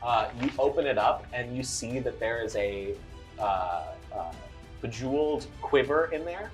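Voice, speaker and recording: A woman narrating a tabletop game as game master, lively and often laughing. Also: extremely low pitch, a little slow, faint music behind.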